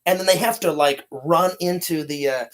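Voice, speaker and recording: A high-voiced man talks in an excitable rush about films. He gets loud and acts out lines as he retells scenes. He speaks into a home mic in a small room. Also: moderate pace. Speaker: co-host reviewing films. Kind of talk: casual chat.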